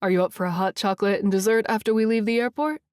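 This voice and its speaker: A confident wealthy man with a deep voice, as a woman puts him on in an audiobook reading. He talks in a smooth, assured, teasing way. The sound is dry and close. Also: fairly even intonation, fast, a little mellow, dry recording, natural voice. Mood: assured, flirty.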